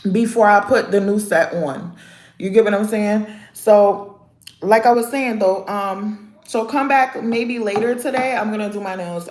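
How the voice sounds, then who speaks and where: A woman in her thirties chatting casually on a live stream, animated and talkative, calling out her viewers by name. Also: medium pitch, reverberant. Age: 30s. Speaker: vlogger talking to live chat.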